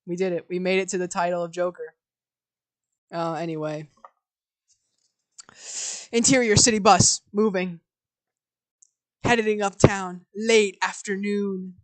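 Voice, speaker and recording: A woman live-streaming herself reading a film script aloud, switching from flat reading of scene directions to flustered asides to her chat. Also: medium pitch, a little slow, pauses often, poor audio.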